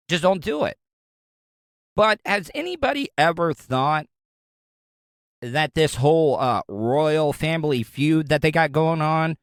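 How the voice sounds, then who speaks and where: A man's voice: a little high, fairly bright tone, dry recording, clean studio sound. A man hosting a casual solo show, talking in a rambling, joking way. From Florida, USA. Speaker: podcast host.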